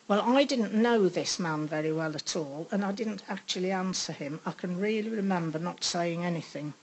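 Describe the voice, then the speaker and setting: An older woman giving a personal faith testimony, reflective and pausing often with ums. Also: on the low side, a little mellow, rough recording. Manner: unhurried, reflective, with frequent pauses and ums. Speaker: speaker sharing a faith testimony.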